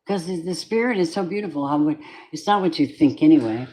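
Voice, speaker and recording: A woman's voice: deep voice, expressive, fast, dark tone. Lady doing a tarot reading for her viewers, talks loose and rambly, swears a lot, keeps wandering off into spiritual stuff. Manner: rambling and candid, with frequent swearing; drifts into spiritual asides. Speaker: tarot reader.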